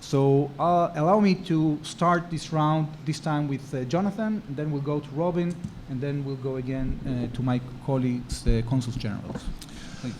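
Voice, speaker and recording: Halting male panel moderator, mellow voice. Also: fairly high pitch, fairly even intonation, a little hiss or hum. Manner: halting, many fillers. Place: conference hall.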